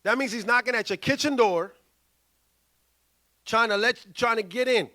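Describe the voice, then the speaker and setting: A male pastor, preaching a sermon in an animated way and acting out quoted voices. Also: very high-pitched, moderate pace. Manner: animated, acts out quoted voices, loud bursts.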